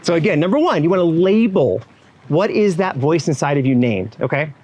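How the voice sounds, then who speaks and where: Animated man giving a motivational keynote. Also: on the high side, brisk, slight background noise, rough recording. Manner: animated, acts out quoted inner voices and clients; talks straight to the audience with frequent asides. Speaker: keynote speaker at a wedding professionals' event.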